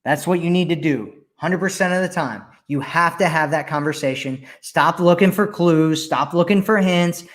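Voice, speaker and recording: Emphatic man coaching, somewhat high voice. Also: moderate pace, few pauses. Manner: emphatic, repeats key points. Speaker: dating coach. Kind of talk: live Q&A reading viewer comments.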